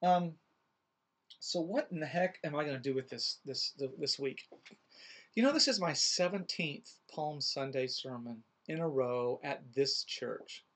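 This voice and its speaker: Alone in a church, a middle-aged minister muses aloud for a casual vlog about his next sermon, rambling and wry. His voice sits on the high side, expressive, unhurried and a bit bright.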